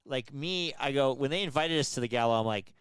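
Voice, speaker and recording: A man's voice: mid-range voice, a bit bright, smooth, no room sound, clean studio sound. A man co-hosting a podcast, telling joking stories in casual chat, possibly in his thirties. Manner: storytelling, joking, fast talker. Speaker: podcast co-host.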